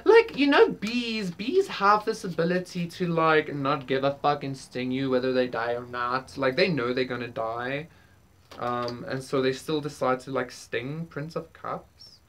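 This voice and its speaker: Low-voiced rambling tarot reader woman. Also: a little slow, slight background noise. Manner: rambling, frequent fillers, swears casually, laughs. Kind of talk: casual spiritual reading to camera.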